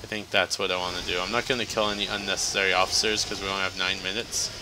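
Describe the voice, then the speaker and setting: A man's voice: deep voice, little pitch movement, rapid-fire, background noise. A man giving casual, joking let's-play commentary as he plays, chatty and laughing often. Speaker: gameplay commentator.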